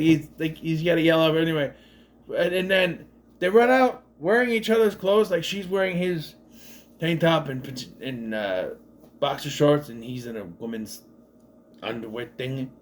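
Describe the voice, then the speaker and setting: A man's voice: a little high, expressive, normal speed, pauses often. Guy recapping a movie casually, rambly, keeps chuckling at the jokes, voice goes up and down a lot. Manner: rambling, laughs at the gags, acts out quoted lines. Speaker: movie reviewer.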